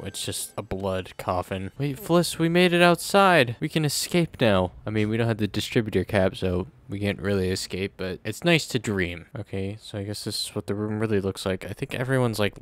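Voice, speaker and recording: A man giving casual, joking let's-play commentary on a game over a headset, talking back to the characters on screen. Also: mid-range voice. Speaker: gameplay commentator.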